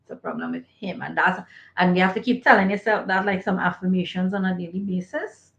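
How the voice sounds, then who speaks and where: A woman's voice: lowish voice, steady tone, a little fast, vocal fry, fairly bright tone. A woman who co-hosts a podcast and once worked as a school counselor, giving candid advice and repeating her points for emphasis. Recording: echoey, slightly dull remote audio.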